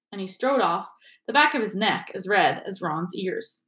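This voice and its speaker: A woman's voice: medium pitch, moderate pace, a bit bright. Woman reading a story aloud, roomy echo. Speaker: reader. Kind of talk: reading a children's book aloud. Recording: echoey room.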